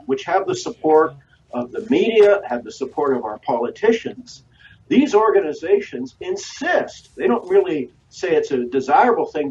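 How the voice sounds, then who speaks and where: A man appears as a guest historian on a radio interview, his slightly mellow voice sitting fairly high for a man. He lectures in a measured way, stringing together long lists broken by frequent "uh" pauses. The audio is dull and lo-fi, with slight background noise, and he sounds distant from the mic.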